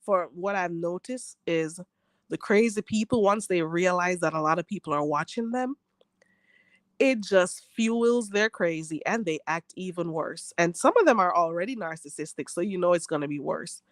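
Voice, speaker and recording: A woman's voice: lowish voice, lively intonation, moderate pace, dry recording. A Jamaican woman hosting a livestream, chatting casually and reading viewer comments, laughing often and repeating phrases for emphasis. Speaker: livestream host.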